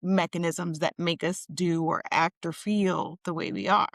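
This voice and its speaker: A woman co-hosting a podcast in casual chat, lively and affirming, with a chatty manner. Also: lowish voice, measured pace, no room sound, clean studio sound. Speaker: podcast co-host.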